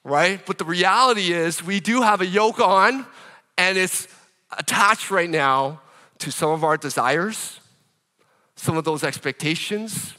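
A man preaching a sermon as pastor, in an animated, conversational way, with rhetorical questions. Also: high voice, big-room sound.

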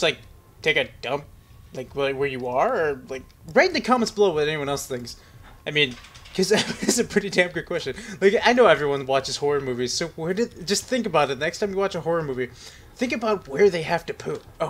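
A man's voice: a little high, lively intonation, brisk. A young man giving casual, rambling commentary on a horror game into a headset, nervous and joking as he talks to the characters on screen. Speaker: gaming commentator.

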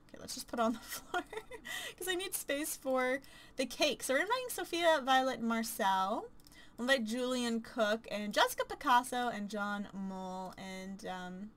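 Excitable young-sounding woman gaming commentator. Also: a little high. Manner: chatty and excitable, gushing aloud. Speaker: let's play commentator. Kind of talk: casual gameplay commentary.

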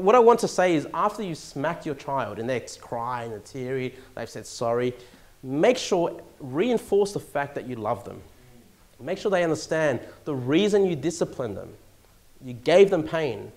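An Australian man preaching a sermon in church, his pitch sitting a little high and swooping all over the place. He jumps from loud emphatic lines to near-hushed asides and chuckles as he goes. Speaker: pastor.

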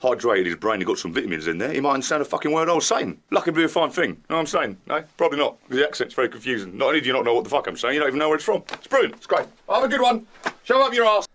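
A man's voice: medium pitch, very animated, racing, a bit bright. A man doing a brash, rambling figure with a baffling put-on accent for a sponsor ad bit, swearing as he goes.

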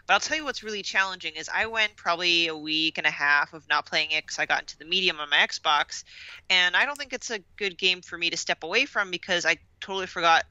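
A woman's voice: lowish voice, quick pace, bright, forceful tone, no room sound. A woman co-hosting a gaming podcast, chatty and laughing as she talks. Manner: chatty, laughs while talking. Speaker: podcast co-host. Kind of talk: casual chat. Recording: slightly dull lo-fi audio.

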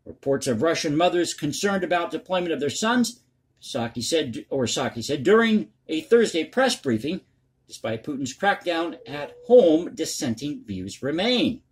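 Man, high husky voice, blunt crass news rant, solo commentary host. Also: very animated, moderate pace.

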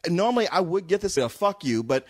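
A man's voice: high-pitched, big pitch swings, fairly quick, a little mellow. Blunt joking man reviewing films. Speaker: film reviewer. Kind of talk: casual roundtable movie review.

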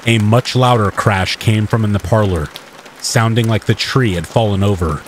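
A man narrating a first-person horror tale with steady, measured delivery. His voice sits low, and a faint patter of rain plays softly underneath. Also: slight background noise. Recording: faint rain ambience mixed behind the voice.

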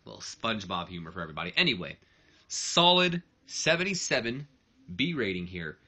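A man's voice: deep voice, very animated, fast talker, bright, forceful tone, slightly rough. A man giving casual commentary on a wrestling management game, rambling and correcting himself as he goes. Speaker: let's play narrator.

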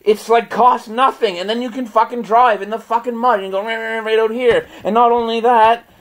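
A man's voice: very high voice, fairly even intonation, normal speed, poor audio. A man ranting at length in a profane, rambling, repetitive vlog, with bursts of frustrated laughter. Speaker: vlogger. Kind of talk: angry ranting monologue.

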